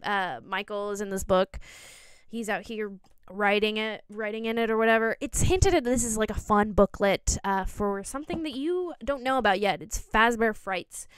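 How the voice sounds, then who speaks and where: A woman's voice: mid-range voice, moderate pace, clean tone, dry recording. A young woman on a phone mic indoors, casually explaining a game theory with rambling, self-correcting jokey asides. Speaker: video essay host.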